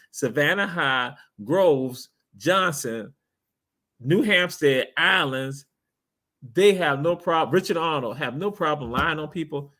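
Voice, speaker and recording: A man hosting a livestream talk, his voice pitched high for a man. He talks in an emphatic, preachy way, hammering points home by repeating them. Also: a bit bright. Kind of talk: casual call-in style talk.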